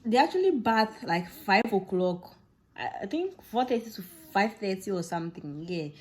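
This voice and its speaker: A young woman from Ghana tells a personal story in a relaxed, chatty way, with a Ghanaian English accent. Her voice sits in a middle range. She acts out the lines of the people in her story and laughs as she talks. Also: medium pitch, normal speed. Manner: animated, laughing, acts out dialogue. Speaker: vlogger. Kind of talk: casual storytelling.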